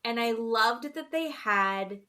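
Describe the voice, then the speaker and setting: A woman's voice: fairly high pitch, expressive, takes it slowly, pushed and bright. A woman co-hosting a podcast, chatting casually about a reality show and acting out quotes with exaggerated voices. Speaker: podcast co-host. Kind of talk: casual recap chat.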